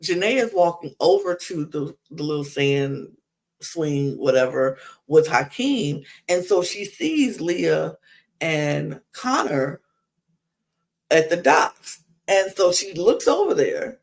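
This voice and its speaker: Animated woman ranting on a podcast. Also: sits low, slow pace. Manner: animated, exasperated ranting with lots of asides. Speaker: podcast host. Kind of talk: reality TV recap chat.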